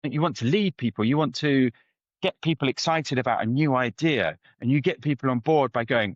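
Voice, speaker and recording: A man, a guest anthropologist, answering interview questions in a conversational, animated storytelling way with frequent restarts. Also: medium pitch, a little fast, no echo, lo-fi sound. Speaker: head of ethnography, guest.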